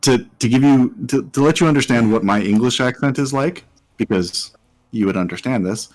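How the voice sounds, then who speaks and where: A man's voice: medium pitch, fairly quick, darkish tone, faint music behind, poor audio. A man playing a tabletop game, chatting and telling stories with frequent laughs. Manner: laughs often, storytelling. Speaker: player. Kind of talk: casual chat at a tabletop game.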